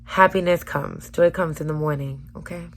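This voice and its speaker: A young woman talking earnestly to her viewers in a personal vlog, her voice hoarse from screaming, moving between loud urging and soft near-whispers. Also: low-pitched, fairly even intonation, normal speed, slight background noise. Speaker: vlogger.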